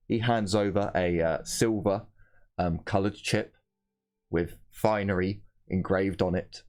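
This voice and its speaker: A man's voice: low-pitched, fairly even intonation, a little slow, darkish tone. A man narrating a tabletop game as game master, wandering along with plenty of fillers and restarts. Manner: meandering, full of fillers and restarts.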